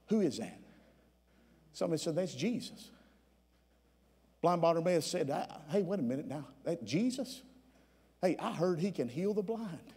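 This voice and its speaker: A man preaching in a church sanctuary, his husky voice sitting a little high for a man. His sermon is broken by frequent "uh" fillers and climbs at times into full shouts. A long hall reverb trails behind every phrase. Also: expressive, moderate pace, pauses often. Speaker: pastor.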